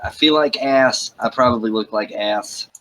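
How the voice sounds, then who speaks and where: A man's voice: mid-range voice, normal speed, a bit bright, rough recording. A man who is still sick, hosting a casual online game chat over a computer mic and joking around. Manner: joking, rambling. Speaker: streamer hosting the session.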